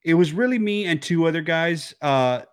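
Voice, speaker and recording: A man's voice: a little high, lively intonation, normal speed, smooth, no room sound, studio quality. A young man co-hosting a podcast from home, chatting casually and often restarting his thoughts. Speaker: podcast co-host. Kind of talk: casual chat. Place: home, remote recording.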